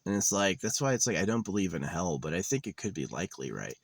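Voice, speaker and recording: A young man with a very deep voice rambles through a cynical, profane monologue. He swears freely and jumps from one grievance to the next. It's a vlog recorded outdoors, with a dry sound and no room echo. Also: sing-song, fast, creaky, hardly any pauses. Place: outdoors in a wooded area.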